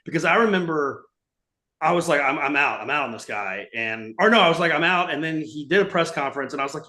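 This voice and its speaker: A man's voice: fairly high pitch, quick pace. A man co-hosting a sports podcast, ranting and cursing in casual chat. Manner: profane, animated ranting. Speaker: podcast co-host. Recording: roomy echo.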